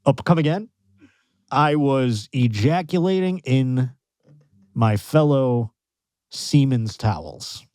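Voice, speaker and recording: A man's voice: mid-range voice, no room sound, studio quality. Joking male podcast host. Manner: loud, joking, laughs a lot. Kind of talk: comedic podcast talk.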